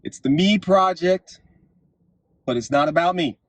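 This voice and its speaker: A man hosting his own vlog, delivering an impassioned political monologue and telling stories, his voice swinging up to shouts at the climaxes. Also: on the high side, unhurried, dry recording. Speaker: vlog host.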